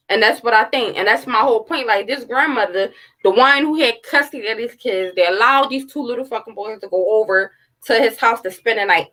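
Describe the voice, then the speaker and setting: A woman's voice: fairly high pitch, fairly bright tone, rough recording. A woman, giving blunt, heated, profane commentary in a casual livestream. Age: 30s. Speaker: true-crime commentary host.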